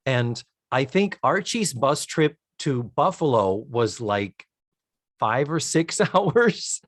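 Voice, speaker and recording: Guy co-hosting a tv recap podcast, really expressive up and down voice, dry close sound. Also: medium pitch, takes it slowly, no room sound. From United States. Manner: animated, enthusiastic, detailed describing. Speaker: podcast co-host. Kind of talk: casual chat recapping a TV episode.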